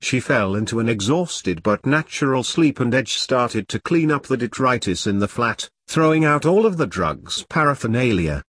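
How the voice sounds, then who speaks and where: Male narrator, husky voice, lively pitch, close dry audiobook sound. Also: moderate pace, hardly any pauses, no echo.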